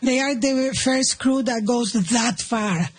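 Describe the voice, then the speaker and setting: A woman's voice: a little high, takes it slowly, husky. A woman on a comedy panel who talks playfully and repeats her words as she stammers.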